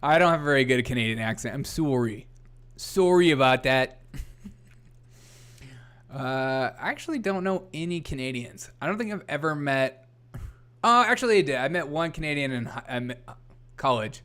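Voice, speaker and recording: A man with a somewhat high voice hosts a casual comedy news livestream. He rambles from one thought to the next, laughs often, and answers the chat aloud. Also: lively intonation, normal speed, long pauses, pushed and bright, clean tone. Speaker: host.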